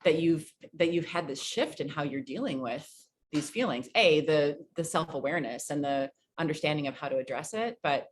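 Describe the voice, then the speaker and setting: Woman guest on a video call, very low voice, earnest, frank, encouraging, some faint noise. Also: moderate pace. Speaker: guest author. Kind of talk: casual chat on a video call.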